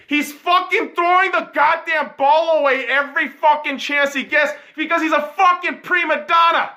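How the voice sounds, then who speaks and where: Podcast host, late 20s, man, high bright voice, profane yelling sports rant. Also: moderate pace, few pauses. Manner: swears constantly, ranting and yelling.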